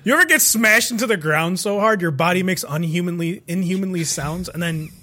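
A man's voice: high voice, a little fast, pushed and bright. A man co-hosting a casual chat about anime, laughing often, swearing freely and retelling scenes in quoted voices.

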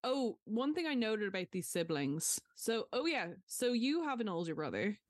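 A woman's voice: a little high, sing-song, normal speed, no echo, clean studio sound. A young woman co-hosting a podcast, chatting casually and retelling film scenes with animation. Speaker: podcast co-host.

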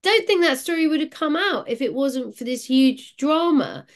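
A woman's voice: high voice, animated, normal speed. A woman co-hosting a podcast. She talks casually and thoughtfully, posing rhetorical questions. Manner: reflective, asks rhetorical questions. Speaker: podcast co-host.

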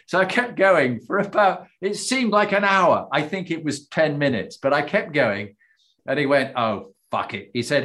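A man hosting an interview, a former army officer, telling a lively anecdote, acting out the voices in it and laughing as he goes. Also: fairly high pitch, moderate pace. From Britain. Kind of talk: conversational interview, animated storytelling.

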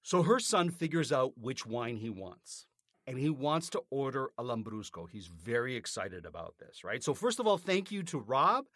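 Man, podcast co-host, indignant, swearing, lively pitch, dry close sound. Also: normal speed, no echo. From North America. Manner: animated, indignant, swears freely. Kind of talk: casual chat, ranting story.

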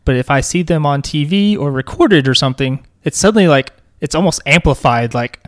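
Casual chat, mid pitch, relaxed, conversational, dry close mic. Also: a little fast, no echo. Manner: relaxed, conversational, asks questions.

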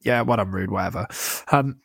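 A man's voice: on the low side, creaky, a bit bright, husky, no echo, studio quality. A young man, chatting about football as a podcast co-host, passionate and tumbling over his own words. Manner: passionate, rapid, many restarts. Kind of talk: casual football chat.

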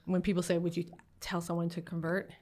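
A middle-aged woman guest on a podcast, telling funny family stories in a casual, animated way, laughing often and acting out what relatives said. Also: fairly low pitch, a little fast. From Canada. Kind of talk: casual storytelling interview.

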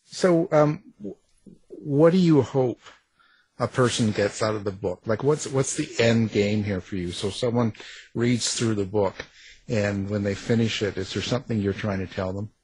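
A husky man with a fairly low voice hosts an interview in a loose, relaxed tone. His questions come easy and unhurried. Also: poor audio. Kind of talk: casual interview conversation.

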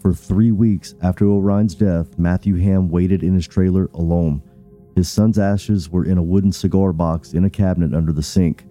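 A male podcast host with a very deep, dark and mellow voice. He narrates in a measured way and also asks questions as an interviewer. Faint music plays behind him. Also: steady tone.

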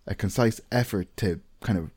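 A man's voice: fairly low pitch, moderate pace, darkish tone, dry recording. A man co-hosting a podcast, chatting casually and animatedly, swearing and acting out scenes. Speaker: podcast co-host. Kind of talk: casual chat.

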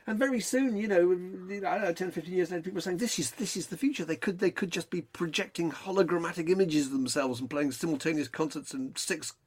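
A man co-hosting a podcast, chatting in a rapid, animated way that trails off at times. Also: high voice. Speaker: podcast co-host. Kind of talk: casual chat.

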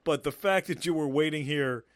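A man's voice: a little high, moderate pace, no room sound, studio quality. A man in casual chat about a movie, swearing freely and amused by it. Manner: profane, amused, lively.

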